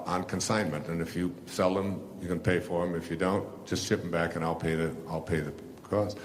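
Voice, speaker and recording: A man's voice: low voice, a little hiss or hum. An older man, an author telling a rambling story to an audience, full of fillers and restarts. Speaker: author and speaker.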